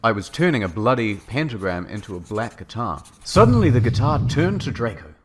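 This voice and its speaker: Deadpan male comedy narrator. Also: mid-range voice, a little fast, a little hiss or hum. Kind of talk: comedic story reading.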